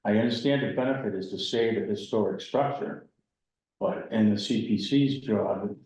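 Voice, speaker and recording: A man's voice: on the low side, normal speed, a little mellow, very echoey, recorded from a distance, poor audio. A man with a Boston accent, a committee member making blunt, opinionated points at a town meeting.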